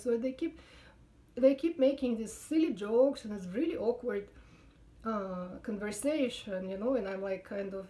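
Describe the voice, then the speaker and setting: A woman's voice: fairly high pitch, a little slow. A middle-aged woman from Russia with a Russian accent, telling a true story as sit-down comedy, chatty and wry with many fillers.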